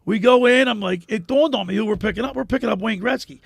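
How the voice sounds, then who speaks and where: A man hosting a sports radio show, telling a long story in a lively, animated way. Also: high-pitched, quick pace, creaky, dry recording, clean studio sound. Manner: animated storyteller, laughs at his own tales. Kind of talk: casual radio chat and storytelling.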